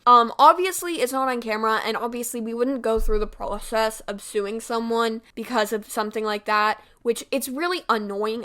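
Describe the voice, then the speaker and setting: Young woman vlogger, bright, lively storytelling, heavy on fillers and swearing. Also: on the high side. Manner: animated, swears freely, many fillers. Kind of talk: casual storytelling.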